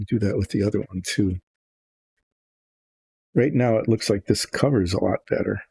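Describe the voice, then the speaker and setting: An older man with a low, gravelly voice narrates his model painting in a relaxed, rambling way. He thinks aloud, wanders off into musings, and restarts his sentences. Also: normal speed. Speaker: miniature painter.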